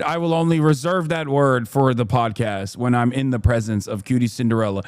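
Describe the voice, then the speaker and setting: A man streaming live reaction commentary, loud and profane with animated outbursts. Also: mid-range voice, moderate pace, hardly any pauses, no room sound.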